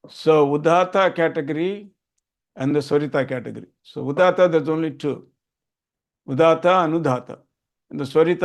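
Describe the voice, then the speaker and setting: A man's voice: a little high, vocal fry. An older man, teaching a group how to chant and repeating his key points earnestly. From Tamil Nadu, India. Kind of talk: explaining a lesson to a group.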